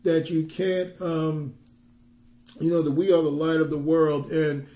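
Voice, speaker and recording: A man's voice: a little high, little pitch movement, unhurried, warm tone, roomy sound. A man ministering, teaching a Bible passage conversationally and pressing his points with emphatic rhetorical questions.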